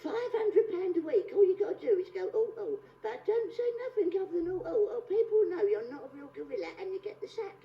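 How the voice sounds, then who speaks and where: A man voicing a gruff male zookeeper giving blunt, matter-of-fact orders, in a live stand-up routine. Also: very high-pitched, big pitch swings, a little fast, hardly any pauses. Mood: bossy. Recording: echoey theatre, far mic, dull lo-fi VHS, audience noise.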